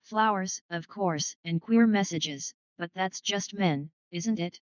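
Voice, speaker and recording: A woman's voice: lowish voice, slow pace, no echo. A woman voicing a vague, wide-eyed young actress in a dry, dull recording.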